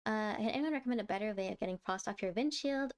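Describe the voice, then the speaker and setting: A woman's voice: medium pitch, quick pace. A woman with an American accent chatting casually on a livestream, reading chat aloud and laughing often. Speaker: streamer.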